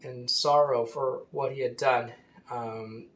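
A man telling a history story casually, pausing with many fillers and restarting his sentences. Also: medium pitch, fairly even intonation, a bit bright.

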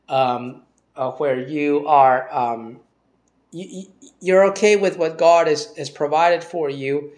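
A man's voice: a little high, a little mellow. Hesitant man teaching scripture. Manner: hesitant, many fillers and restarts. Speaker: Bible teacher. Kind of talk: informal Bible study talk.

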